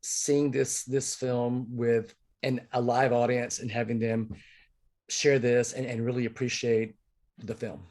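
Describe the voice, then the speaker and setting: A man's voice: mid-range voice, level tone, a little slow, a little mellow. A man hosting an interview, asking questions encouragingly with a few stumbles. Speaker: interviewer, festival director. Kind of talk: interview host.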